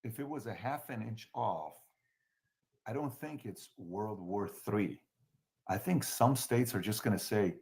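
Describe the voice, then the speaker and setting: A man's voice: lowish voice, moderate pace, darkish tone. A man from the Middle East with a Middle Eastern accent, hosting a casual political talk show and repeating his points emphatically. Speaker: show host.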